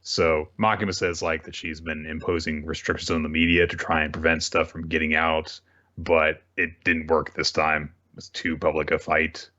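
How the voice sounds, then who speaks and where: A man's voice: a bass voice, lo-fi sound. A man co-hosting a casual talk show, recapping manga chapters and acting out characters' lines as he goes. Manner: animated, acts out characters' lines in quick voices, laughs often. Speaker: podcast co-host.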